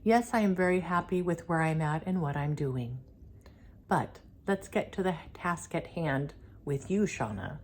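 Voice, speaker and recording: Brief: gentle, formal reptilian alien man, channeled by a woman, low and soft-spoken. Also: lively intonation, measured pace, slight background noise. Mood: earnest. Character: polite soft-spoken humble male reptilian being.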